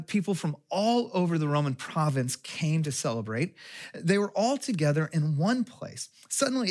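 A pastor from Texas, giving a sermon in a conversational way and asking questions of his listeners. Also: on the high side. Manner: conversational preaching with rhetorical questions.

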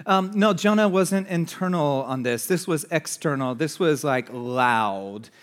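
A man preaching a sermon to a congregation in an energetic, conversational way, swinging between loud outbursts and hushed asides. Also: a little high, a little slow. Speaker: pastor. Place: church in front of a congregation.

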